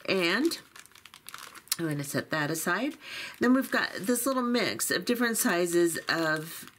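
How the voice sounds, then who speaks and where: A woman's voice: lowish voice, expressive, unhurried, a bit bright, slight background noise. A woman hosting a beading channel, chatting casually through an unboxing in a chatty, self-deprecating way with many fillers. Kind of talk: unboxing walkthrough, casual chat.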